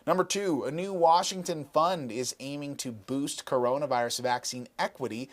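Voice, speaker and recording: A man anchoring morning TV news, reading school closures and health updates in a steady, measured way. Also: a little high.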